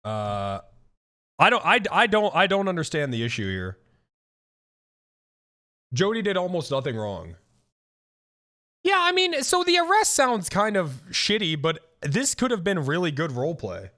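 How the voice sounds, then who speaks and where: A man's voice: a little high, normal speed. A young man streaming casual reaction commentary, ranting and swearing with many restarts. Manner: animated, profane, ranting with frequent restarts.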